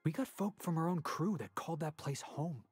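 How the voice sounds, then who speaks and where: An actor playing a worried crew companion in a video game, pleading and protesting. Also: male voice, fairly high pitch, animated, a little fast, a little mellow, breathy edge, soft background music. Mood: alarmed.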